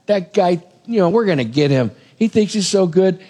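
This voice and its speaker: A man preaching puts on the voices of Joseph's jealous brothers, scheming excitedly and loudly. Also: high-pitched, moderate pace, in a large hall. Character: scheming jealous brothers, rough young men.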